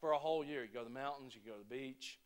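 A man preaching a sermon to his congregation, talking in a conversational way that swings between emphatic points and quiet asides. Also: mid-range voice, rapid-fire, clear, resonant tone. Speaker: pastor.

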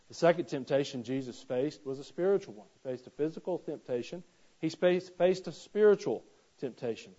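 A male preacher delivers a sermon with folksy stories and frequent rhetorical questions to his congregation. His voice sits somewhat high for a man, and the recording is dull and muffled. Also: warm tone.

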